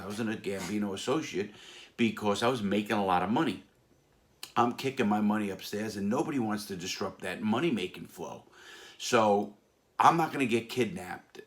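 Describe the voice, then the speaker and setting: A man telling stories from his past in a casual, animated way, acting out other people's voices with sudden loud outbursts. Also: lowish voice. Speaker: former mob associate telling stories. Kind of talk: casual storytelling.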